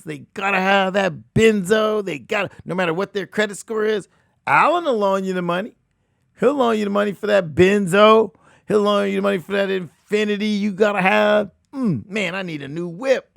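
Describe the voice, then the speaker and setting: Hosting a money talk show as a real estate coach, a man delivers animated motivational talk with emphasis, repeating phrases and lurching between loud outbursts and quiet asides. His voice is high and gravelly, recorded in studio quality without room sound.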